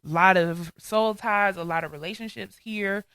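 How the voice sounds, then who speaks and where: A woman co-hosting a faith podcast, recounting a personal testimony with earnest feeling. Her voice is crisp and smooth with a bright, forward edge. The sound is dry and close, with no room around it. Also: mid-range voice, measured pace, no room sound. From Georgia, US. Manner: earnest, heartfelt storytelling. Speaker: podcast co-host.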